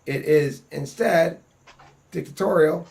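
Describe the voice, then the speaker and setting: A man hosting a casual group discussion, talking bluntly and profanely in an animated, ranting way. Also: on the high side, slow, vocal fry. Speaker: host.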